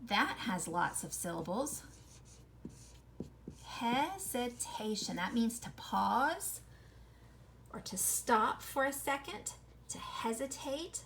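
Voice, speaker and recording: A woman teacher giving a recorded reading lesson to children, sounding out words slowly and asking the class lots of tag questions. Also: a little high, animated, creaky, a bit bright, a little hiss or hum.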